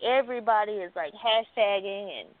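A woman co-host in casual panel talk, hesitant and stumbling, with soft laughs. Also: medium pitch, moderate pace, no room sound. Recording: dry phone-like audio.

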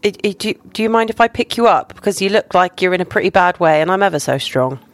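A woman's voice: fairly low pitch, animated, fast talker, dry recording. A woman playing in a tabletop game, speaking politely and with some hesitation. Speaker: player. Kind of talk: casual tabletop play.

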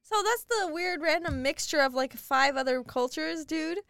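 A woman's voice: sits high, normal speed, creaky, no room sound. A young woman co-hosting a podcast, chatting casually and telling stories with frequent giggles. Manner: giggly, animated storytelling. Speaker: podcast co-host. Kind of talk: casual chat.

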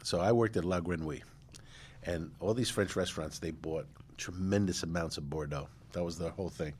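A man, a restaurateur telling animated stories in a casual interview, with many restarts and "you know"s. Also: deep voice, a little fast, slightly rough. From Manhattan, New York. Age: 60s. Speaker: guest, restaurateur.

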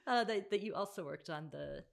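A woman with a notably low voice talks in an easy, conversational way. She thinks aloud, circling back with fillers and restarts as she goes. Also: expressive, fairly quick, creaky. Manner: thoughtful, with frequent fillers and restarts. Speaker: bookshop podcast host. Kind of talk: casual conversational discussion.

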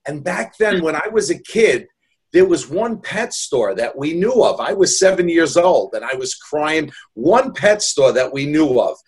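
This man's voice sits on the high side and sounds husky, and he's very animated while keeping a measured pace. He's a New York balloon artist in his 60s telling sincere, meandering stories with a joking, relaxed touch.

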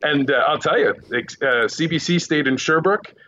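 A man who works as a news correspondent, telling animated stories from the field in a casual podcast interview. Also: on the high side, dull audio, a little hiss or hum. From Quebec Eastern Townships, Canada. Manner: animated anecdotes, quick asides.

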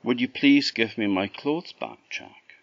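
Enchanted swan maiden, voiced by a male storyteller: raised high voice, pleading, insistent. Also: a little slow, vocal fry, dry recording, muffled recording.

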